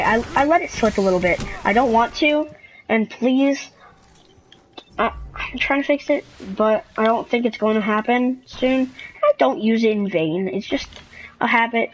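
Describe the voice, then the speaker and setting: A woman's voice: a little high, a little hiss or hum, poor audio. Chatty teenage girl telling a story. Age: teens. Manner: rambling, chatty, full of fillers and asides. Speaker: student vlogger. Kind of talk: casual storytelling to camera.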